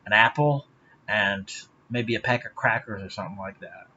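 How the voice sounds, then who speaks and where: A man's voice: on the low side, normal speed, sharp tone, husky, muffled recording. A man talking straight to his viewers in a rambling, profane monologue, laughing often. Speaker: vlogger.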